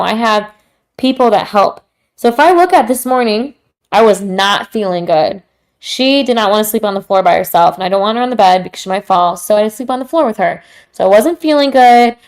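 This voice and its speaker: A woman hosts a podcast in a loose, casual way. Her speech is slangy, candid and straight to the point, and her voice sits at a middle pitch. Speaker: podcast host. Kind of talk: casual talk.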